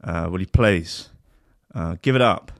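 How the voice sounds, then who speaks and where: A man's voice: low-pitched, unhurried, no echo, studio quality. A man hosting a casual streamed podcast, rambling and sweary, with a mocking manner. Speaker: podcast host. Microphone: headphones and desk mic.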